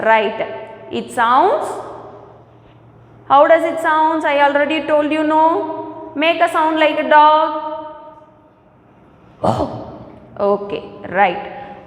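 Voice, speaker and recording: A high-pitched woman with an Indian English accent teaches a kindergarten class at an unhurried pace and keeps repeating her questions. Her voice rings through a long, echoey hall. The room is roomy and reverberant. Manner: slow, repetitive questions to the class. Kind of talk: online lesson for young children.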